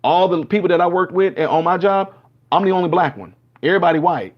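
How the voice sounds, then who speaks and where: A man's voice: high voice, fast. A man hosting a show, talking casually and acting out conversations as he tells stories. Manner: animated storyteller acting out dialogues. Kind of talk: casual opinion monologue. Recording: dull lo-fi sound.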